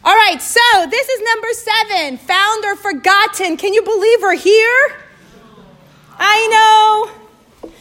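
A woman preaching and praying fervently to a women's gathering, recorded on a phone held in her hand in a church room. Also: extremely high pitch. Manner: fervent, drops to hushed prayer, laughs easily. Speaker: women's ministry speaker. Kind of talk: sermon and prayer. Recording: echoey room, phone mic.

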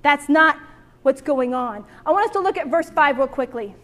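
High-voiced woman preaching with animated humor. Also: moderate pace. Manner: animated, jokey, acts out voices. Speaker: speaker at a women's church gathering. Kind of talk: sermon.

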